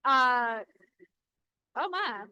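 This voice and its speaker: A woman's voice: high voice, animated, extremely slow, pushed and bright, clean tone, no echo, muffled recording. A woman filming with a handheld camera in an indoor workshop, chatting playfully and correcting herself as she shows off cut stones by a rock saw. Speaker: lapidary shop co-host filming. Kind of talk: casual chat while demonstrating.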